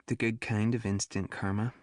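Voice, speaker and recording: A man reading an audiobook and voicing a young woman with a soft, light Southern accent. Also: lowish voice, level tone, moderate pace, dry recording, studio quality, close to an everyday voice. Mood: warm, teasing.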